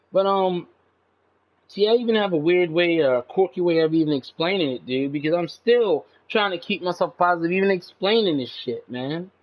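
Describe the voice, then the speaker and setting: A man talking in a casual, rambling monologue to his channel, profane and agitated, saying "man" a lot, with his pitch jumping up when he gets indignant. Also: lively intonation, moderate pace. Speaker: channel host. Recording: dull lo-fi recording.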